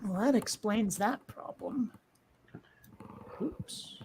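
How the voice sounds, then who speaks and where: A woman in casual chat, talking in a wry, animated way and telling stories. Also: on the high side, very slow, a little hiss or hum. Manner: chatty, wry, animated storyteller. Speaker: podcast co-host.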